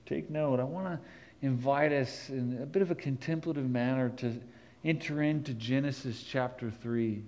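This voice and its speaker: A man preaching a sermon, rising to emphatic peaks and dropping low and slow to read scripture. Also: a little mellow, low-quality recording. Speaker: pastor.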